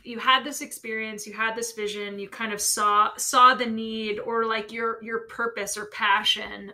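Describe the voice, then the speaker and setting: A woman's voice: medium pitch, pushed and bright. A woman hosting a podcast, chatty and thinking aloud as she asks her guest questions. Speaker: podcast host. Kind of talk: casual interview.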